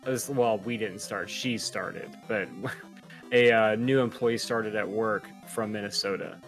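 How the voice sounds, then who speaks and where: A man's voice: on the low side, fairly even intonation, measured pace, fairly bright tone, faint music behind. A man co-hosting a podcast, telling rambling, laughing stories in casual chat. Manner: chatty, rambling, laughs at his own stories. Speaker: podcast co-host.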